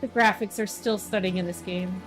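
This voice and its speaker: A woman's voice: medium pitch, steady tone, moderate pace, soft background music. A woman streamer giving casual live commentary on a game, chatty and emotional, with frequent fillers.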